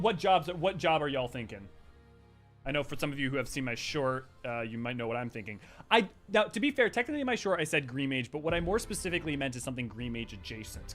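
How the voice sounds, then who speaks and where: A young man hosting a casual livestream, rattling off viewer greetings and chatting excitedly. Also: mid-range voice. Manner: greets chat viewers rapidly by name; animated, excited, with laughs. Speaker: livestream host.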